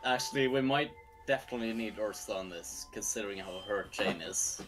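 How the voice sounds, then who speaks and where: A man's voice: fairly low pitch, fairly quick, over music. A man playing a tabletop game, chatting offhand and joking. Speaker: player. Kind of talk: casual tabletop game chat.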